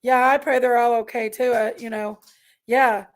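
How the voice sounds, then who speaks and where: A woman's voice: fairly high pitch, steady tone, normal speed. A woman hosting a casual live stream, chatting with viewers in an effusive, rambling way. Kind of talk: casual live chat reading comments.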